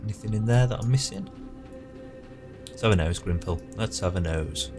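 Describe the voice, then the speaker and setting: Male gamer, deep voice, rambling play-by-play over game music. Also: moderate pace. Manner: chatty, muttering to himself. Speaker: player narrating his game. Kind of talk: casual gameplay commentary. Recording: music playing clearly behind.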